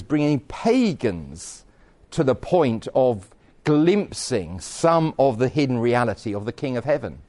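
A man's voice: mid-range voice, darkish tone. A man preaching a sermon in a conversational style, with wry asides.

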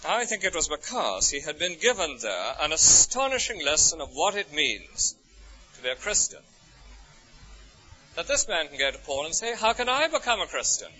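A man with an English accent preaching a sermon, full of rhetorical questions, his voice soaring high and then dropping to a hush. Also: normal speed. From England. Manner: expressive, rhetorical questions, swings from soaring to hushed. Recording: dull lo-fi recording.

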